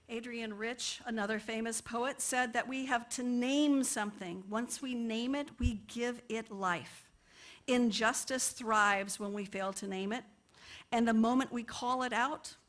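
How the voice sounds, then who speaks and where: A woman's voice: on the high side, a bit bright. A woman poet giving an earnest talk in a church, now and then stumbling over words. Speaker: lay speaker and poet.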